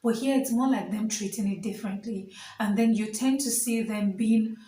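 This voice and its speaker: A woman's voice: medium pitch, moderate pace, mellow, echoey room, recorded from a distance, a little hiss or hum, poor audio. A young Nigerian woman vlogging to camera while standing, chatty and earnest, with many fillers and asides. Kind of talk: casual vlog talk to camera.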